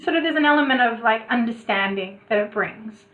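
Guest, woman, chatty with lots of restarts, slightly high, on a tinny remote call. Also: fairly quick. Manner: chatty, many restarts, animated asides. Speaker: podcast guest, coach. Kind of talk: casual interview chat.

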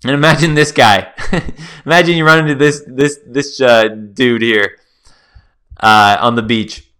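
A man's voice: medium pitch, a little slow, a bit bright, smooth. A man hosting a solo podcast, telling stories in a chatty, casual way and talking straight to his listeners. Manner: chatty, storytelling, addresses listeners as guys. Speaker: podcast host.

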